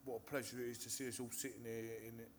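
A man's voice: mid-range voice, little pitch movement, quick pace, slight background noise. An English man from Hertfordshire telling his recovery story to a live audience, nervous, swearing often and restarting his sentences. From Hertfordshire, England. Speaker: speaker sharing recovery story. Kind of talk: personal testimony to a live audience. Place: stage in a meeting hall.

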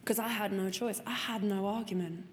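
A woman's voice: mid-range voice, moderate pace. Woman, telling her story in a hall. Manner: frank and expressive, swears, acts out quotes. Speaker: speaker sharing a recovery story. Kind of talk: personal testimony talk. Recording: long hall reverb, faint room noise.

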